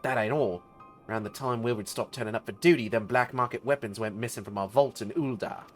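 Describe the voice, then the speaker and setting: A man voicing a gruff veteran male mercenary officer, talking bluntly with rough slang. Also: medium pitch, a little fast, soft background music, close to an everyday voice.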